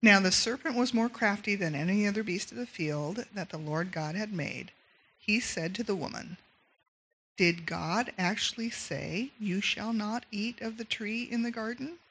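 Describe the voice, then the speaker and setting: A woman reading Bible passages aloud in a steady, measured way. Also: mid-range voice, husky, poor audio. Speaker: scripture reader.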